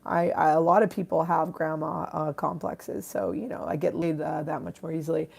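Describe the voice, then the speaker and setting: A woman's voice: low voice, steady tone, normal speed, creaky, darkish tone, breathy edge. A woman chatting casually on a live stream, irreverent and self-mocking, swearing freely while she eats and drinks.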